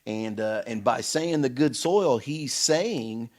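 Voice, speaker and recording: A man's voice: medium pitch, lively intonation, takes it slowly, a little mellow. A man co-hosting a casual Bible study podcast, explaining scripture earnestly and often checking in with his listener. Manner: earnest and explanatory, checks in with "you know what I'm saying". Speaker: podcast co-host.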